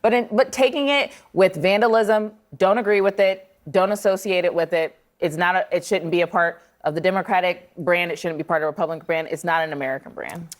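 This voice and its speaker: Low-voiced woman speaking earnestly. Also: quick pace, few pauses. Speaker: panel guest. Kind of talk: TV panel debate.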